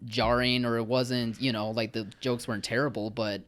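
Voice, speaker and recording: A man's voice: mid-range voice, little pitch movement, normal speed, a bit bright. A man co-hosting a podcast, giving a film review in casual chat, earnest and hesitant with frequent restarts.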